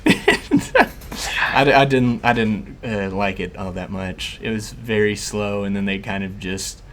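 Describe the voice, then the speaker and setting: A man's voice: on the low side, steady tone, measured pace, a bit bright, a little hiss or hum. A man hosting a podcast in casual chat, chatty, laughing often and filling with "like". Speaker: podcast host.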